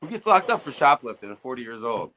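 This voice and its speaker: Bright-voiced man hosting casual talk. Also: mid-range voice, sing-song, fast, low-quality recording. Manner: loose, profane storytelling with many fillers. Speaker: armwrestling show host and competitor. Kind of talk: casual chat.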